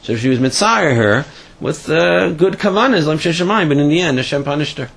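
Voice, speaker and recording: A man giving a casual Torah lesson, telling a story in a halting way with many fillers and restarts. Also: a little high, expressive, vocal fry, fairly bright tone, breathy edge. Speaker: Torah teacher.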